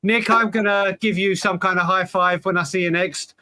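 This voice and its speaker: Bright-voiced man in his forties, bantering. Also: sits high, fairly even intonation, moderate pace, no room sound. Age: 40s. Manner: self-mocking, laughs at his own teasing. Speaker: podcast co-host. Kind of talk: casual banter.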